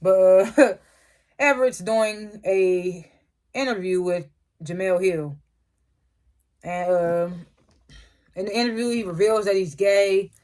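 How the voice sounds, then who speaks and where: A young adult recapping a TV drama episode at a relaxed, conversational pace. The voice sits in the middle range, and the delivery is slangy and unpolished. Laughs come often between the retold scenes. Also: mid-range voice, slow, pauses often. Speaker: TV show reviewer.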